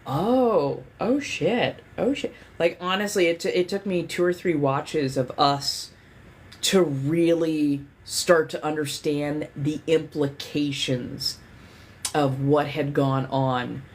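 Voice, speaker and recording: A woman's voice: low-pitched, fairly even intonation, slow. A woman hosting a livestream in casual chat. She rambles candidly, swears freely and leans on lots of fillers. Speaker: livestream host.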